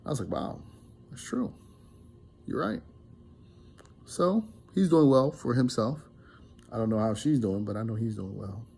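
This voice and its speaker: A man's voice: on the low side, normal speed, gravelly, mellow, husky. A man casually telling a story to his viewers, rambling and earnest, with many restarts. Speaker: relationship vlogger.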